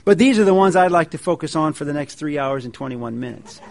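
A man's voice: fairly high pitch, fast, creaky. Folksy joking male preacher. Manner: folksy and joking, with lively emphasis. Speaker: pastor. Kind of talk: sermon.

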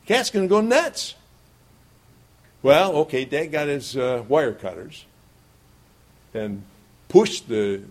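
A middle-aged man preaching a sermon, telling a homespun childhood story in a folksy way and chuckling often. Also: a little high.

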